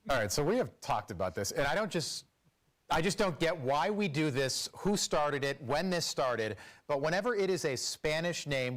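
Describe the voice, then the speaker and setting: Sardonic male TV commentator. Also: fairly high pitch. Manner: sardonic, mocking. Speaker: TV news commentator. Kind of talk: opinion monologue. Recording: clip played from TV.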